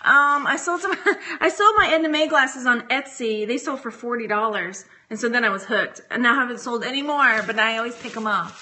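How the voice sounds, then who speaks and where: A woman's voice: on the high side, brisk, pushed and bright. A woman from Texas chatting casually on a phone livestream, giggly and rambling as she talks to viewers. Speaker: reseller vlogger.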